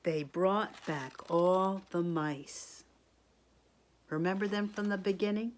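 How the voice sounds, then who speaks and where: A woman teacher reading a picture book aloud to children, expressive, gasping and asking the listener questions. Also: fairly low pitch, slow pace, slight background noise.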